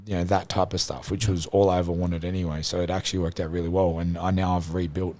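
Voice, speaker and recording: Low-voiced man telling an earnest story. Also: level tone, quick pace, darkish tone. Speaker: podcast guest. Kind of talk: casual podcast chat.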